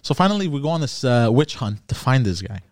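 A man's voice: medium pitch, very animated, fast, dry recording, clean studio sound. A man co-hosting a podcast, telling a long dream story in casual chat, with lots of fillers and restarts. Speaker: podcast co-host.

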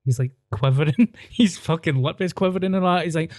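This Scottish podcaster chats casually and tells crude stories with frequent laughs, all at a fast clip. His fairly high voice comes through clean studio sound without echo.

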